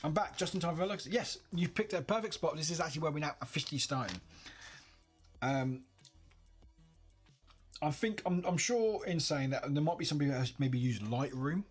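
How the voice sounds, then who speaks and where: A man's voice: on the high side, normal speed, pauses often, soft background music. A young man from the UK, live-streaming from home, chatting in a rambling, self-correcting way. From United Kingdom. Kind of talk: casual livestream chat.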